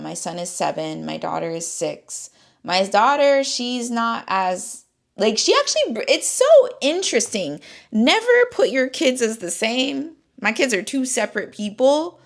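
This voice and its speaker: A woman's voice: medium pitch, gravelly. A woman in her thirties talking candidly in a personal vlog, rambling and swearing casually, near tears at times. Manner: talks through grief, voice breaking near tears. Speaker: vlogger.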